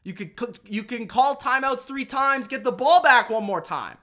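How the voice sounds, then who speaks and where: A young man ranting in an animated, exasperated way while recapping football games. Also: extremely high pitch, moderate pace. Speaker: sports commentator.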